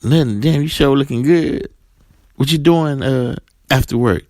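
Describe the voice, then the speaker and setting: A man's voice: medium pitch, measured pace, a little mellow, dry recording, voice pushed up, natural voice. A man voicing a brash, crude male coworker who flirts and then is baffled when called out. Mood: cocky.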